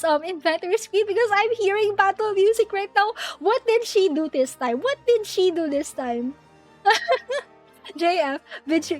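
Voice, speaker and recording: Young woman streamer, very high voice, giggly and excitable, panics loudly, faint game music underneath. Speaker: VTuber streamer. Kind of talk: casual live-stream chat while gaming.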